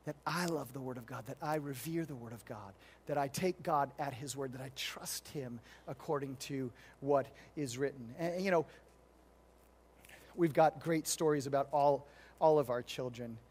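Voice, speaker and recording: A middle-aged man preaching a sermon as a pastor, telling stories and swinging between loud, emphatic stretches and hushed, tender ones. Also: mid-range voice, moderate pace, a little hiss or hum. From United States.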